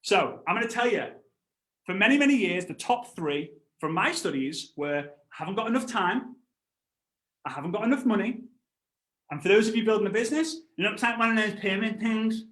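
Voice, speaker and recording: A man in his thirties giving an animated network marketing training talk. He tells stories, acts out other voices, and breaks into laughs and shouts. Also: high voice, brisk, echoey room. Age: 30s.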